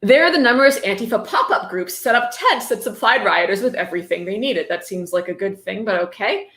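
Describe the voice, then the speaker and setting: A woman reads a book aloud on a stream and keeps stopping to mock it with dry sarcasm. Her pitch is middling, and the room around her is echoey. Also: lively intonation, fairly quick, fairly bright tone. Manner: sarcastic, mocking asides. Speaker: livestreamer reading a book aloud. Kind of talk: sarcastic dramatic reading with commentary. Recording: roomy echo.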